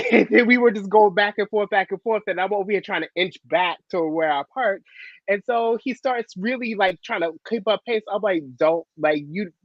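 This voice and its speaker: A woman on a video call telling a story in a sassy, animated way, laughing often. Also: medium pitch, normal speed, dry recording, muffled recording. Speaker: panelist. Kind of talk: casual storytelling.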